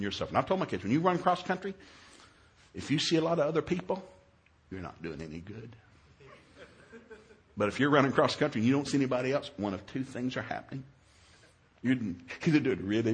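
A middle-aged man preaching a humorous sermon, telling stories with jokey, animated delivery and sudden loud exclamations. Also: mid-range voice, husky.

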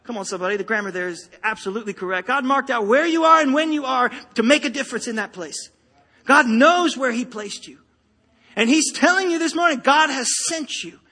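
High-voiced husky preacher in reverberant hall. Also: male voice, brisk, sharp tone. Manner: emphatic, rousing, addresses congregation directly. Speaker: pastor. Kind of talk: sermon. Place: church sanctuary. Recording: long reverb of a large hall.

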